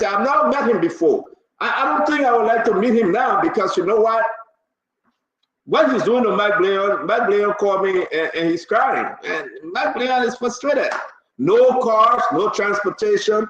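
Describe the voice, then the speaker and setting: A man hosting a live talk show, reading out viewer names and growing loud and animated. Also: sits high, moderate pace, echoey room, low-quality recording. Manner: animated, rising to loud exclamations. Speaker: livestream talk show host.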